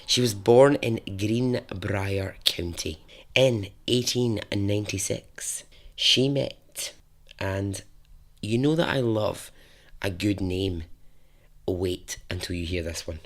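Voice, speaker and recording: A man telling a story on his podcast in a casual, chatty way. His voice sits fairly low, and he takes his time, drifting into laughing asides and little tangents before returning to the tale. He is relaxed and conversational throughout. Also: slow pace.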